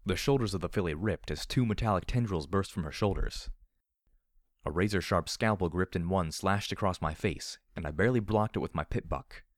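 A man with a very deep, low voice reads first-person fiction aloud. His delivery is measured, in an audiobook style. The recording is dry and close, with no room echo. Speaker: audiobook narrator.

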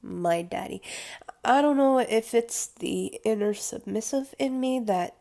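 A woman in an intimate confessional monologue, talking to her listeners slowly and with many pauses. Her voice is mellow and dark with a gravelly fry. She hesitates and restarts, often sinking into soft whispers. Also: fairly high pitch.

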